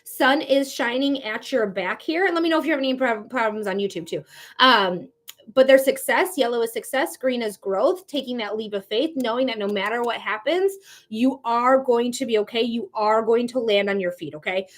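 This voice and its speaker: A woman's voice: on the high side, moderate pace. A young woman doing a live-stream tarot reading, chatty and casual, swearing freely, laughing often and talking straight to her viewers. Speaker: psychic tarot reader.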